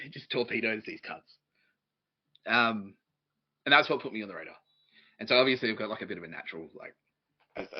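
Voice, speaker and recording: A man's voice: on the low side, breathy edge, lo-fi sound. An Australian man hosting a podcast, answering listener questions in a rambling, profane way and laughing often at himself. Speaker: podcast host.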